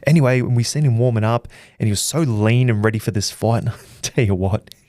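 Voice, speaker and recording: A man's voice: medium pitch, fairly even intonation, fast talker, dark tone, dry recording, studio quality. A man, hosting a boxing channel and recapping behind-the-scenes days in a chatty, storytelling way with lots of fillers. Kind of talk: casual recap to camera.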